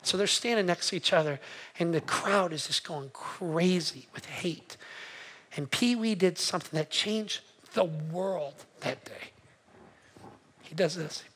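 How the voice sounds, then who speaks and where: A man's voice: high voice, a bit bright, slightly rough. Earnest male pastor preaching. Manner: earnest storytelling, slow emphatic pauses, asks the congregation. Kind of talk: sermon.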